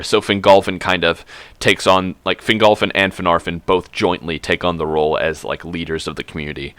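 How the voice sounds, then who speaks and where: A man's voice: sits low, fairly quick, fairly bright tone, clear, resonant tone, no echo. A man casually retelling a fantasy book while drinking. He rambles, swears and corrects himself as he goes. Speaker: streamer.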